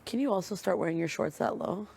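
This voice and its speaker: High, gravelly young man teasing. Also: quick pace, a little mellow, a little hiss or hum. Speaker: reality show houseguest. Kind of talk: casual late-night chat.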